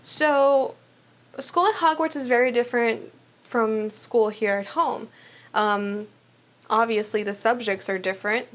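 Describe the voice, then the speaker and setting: A woman's voice: fairly high pitch, measured pace. A woman reading a children's novel aloud for a youth book club, with small slips and restarts, then asking trivia questions.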